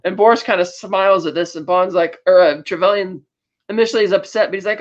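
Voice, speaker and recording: Chatty podcast host on lo-fi audio. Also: mid-range voice. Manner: chatty, loose retelling with quick asides. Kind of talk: casual film recap. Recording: dull lo-fi audio.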